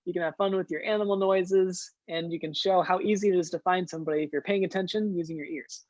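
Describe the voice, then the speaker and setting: A man's voice: high-pitched, steady tone, fast, dry recording, rough recording. A man hosting a scouting den meeting for young kids, upbeat and leading activities with frequent "uh" fillers.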